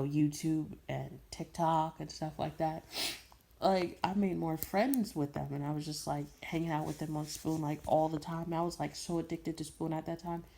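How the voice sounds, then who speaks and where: With a deep, warm voice and noticeable vocal fry, a young Brooklyn woman who creates voice impressions rambles through a casual tale. She leans on slang, says things more than once, and laughs frequently.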